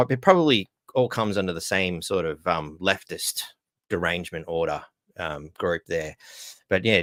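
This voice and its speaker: A man's voice: low voice, fairly bright tone, no echo, studio quality. A man hosting a casual news-wrap stream, wry and sarcastic, swearing freely. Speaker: host. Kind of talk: casual commentary.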